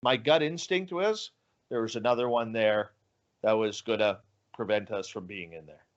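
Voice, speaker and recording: A man's voice: lowish voice, normal speed, highs cut off. A man telling a story as a guest in an interview, acting out the dialogue with animation. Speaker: guest, radio show host.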